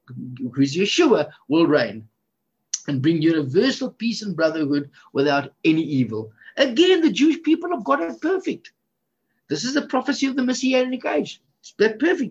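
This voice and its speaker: A fervent, excitable male preacher with a fairly high, husky voice, delivering his sermon in bursts of enthusiasm. The recording is slightly dull and lo-fi.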